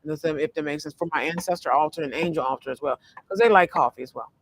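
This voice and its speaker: Male tarot reader, high voice, casual vlog, meandering delivery with many fillers and restarts. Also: fast, fairly bright tone, dry recording. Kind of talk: casual spiritual card reading vlog. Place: sitting in a fast-food restaurant.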